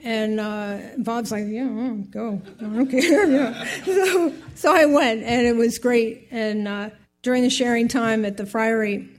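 A woman's voice: fairly high pitch, measured pace. An older woman giving a heartfelt personal faith testimony, rambling through her story with many asides.

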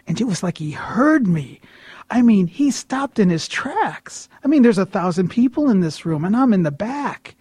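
A man telling a personal faith story in an animated way, swinging between loud bursts and hushed asides. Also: high voice, normal speed, husky, no echo. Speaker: storyteller sharing a personal testimony.

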